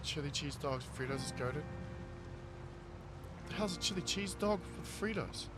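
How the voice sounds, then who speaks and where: A man's voice: a little high, expressive, normal speed, over loud music. A man, chatting casually with his live-stream viewers as he plays, reading chat aloud and laughing often. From New Zealand. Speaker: game streamer.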